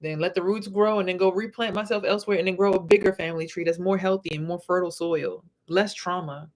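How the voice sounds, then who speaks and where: A woman's voice: lowish voice, fairly even intonation, fast, darkish tone. Blunt, profane woman vlogger. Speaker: vlogger and spiritual reader. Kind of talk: casual talking-to-camera monologue.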